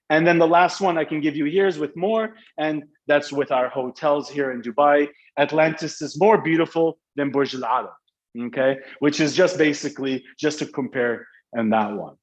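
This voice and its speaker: A man's voice: on the high side, highs cut off. A man teaching a live online English grammar class, explaining in a chatty, joking way.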